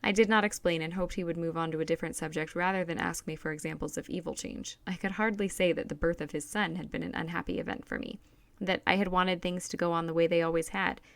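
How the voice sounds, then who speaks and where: Gravelly low-voiced woman reading a novel. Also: fairly even intonation, quick pace, no echo. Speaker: audiobook reader. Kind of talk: first-person novel narration read aloud.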